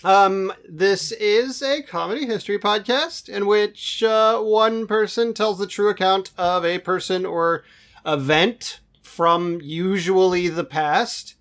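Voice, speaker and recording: A male comedy podcast co-host rambles through his intros, piling adjective on adjective. His voice sits high for a man. He talks slowly and drawls his way along. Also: fairly bright tone. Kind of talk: casual comedy chat.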